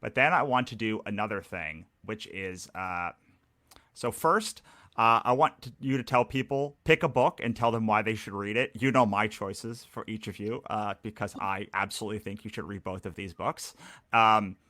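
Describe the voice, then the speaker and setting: A man with a fairly low voice that sounds bright and forceful, moderating a live panel. He hesitates, restarts and fills with "uh" as he frames his questions. The sound is dry and close. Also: normal speed, no room sound. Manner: hesitant, many fillers and restarts.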